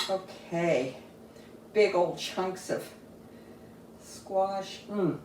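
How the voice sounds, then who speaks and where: This woman's voice runs on the low side and moves extremely slowly, broken by long pauses. She's in her home kitchen presenting a family recipe, chatting in a homey way and tasting as she talks, recorded off-mic in an echoey, noisy room.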